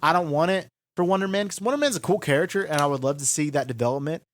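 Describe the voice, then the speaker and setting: A man co-hosting a podcast in casual chat, eager and quick to laugh. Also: fairly high pitch, a little hiss or hum. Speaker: podcast co-host.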